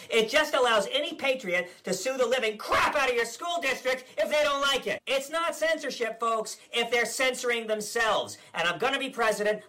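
A man's voice: very high-pitched, sharp tone, exaggerated voice. A man playing a smug, blustering middle-aged governor in a satirical sketch, stammering and ranting.

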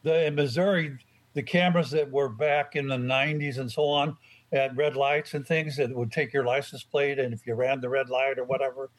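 A man's voice: medium pitch, steady tone, normal speed, rough recording. An older man in a casual group chat, talking in a rambling, hesitant way.

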